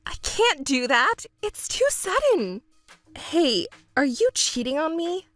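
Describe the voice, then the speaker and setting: A woman's voice: high-pitched, sing-song, slow, fairly bright tone, no echo, faint music behind, voice pushed up, full character voice. A woman voicing a young overworked fiancée who pleads and argues back defensively. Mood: pleading. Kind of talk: texting story voice acting.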